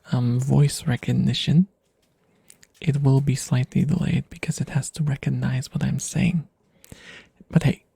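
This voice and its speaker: A man rambling softly to his stream audience in ASMR style, self-deprecating and often slipping into whispers, recorded close to the microphone at home. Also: mid-range voice, creaky, husky, no echo. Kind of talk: soft rambling ASMR chat.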